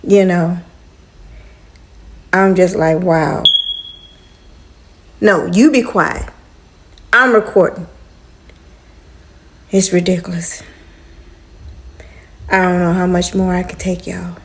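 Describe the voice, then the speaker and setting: Woman, casual vlog, fed up, drawn-out slow delivery. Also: lowish voice, little pitch movement. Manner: exasperated, talks straight to viewers. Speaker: vlogger. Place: apartment at home.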